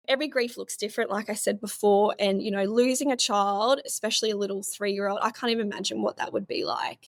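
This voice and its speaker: A woman's voice: fairly high pitch, no room sound, studio quality. A young woman in her twenties, a pharmacist guest telling a personal story in an interview, earnest and open. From Australia. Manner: earnest, open, emotional at times.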